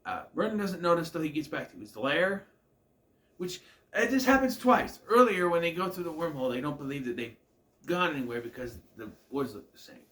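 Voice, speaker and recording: A man's voice: on the high side, expressive, a little fast, a bit bright. A man giving a casual, rambling recap of a TV episode, with many fillers and restarts. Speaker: show reviewer.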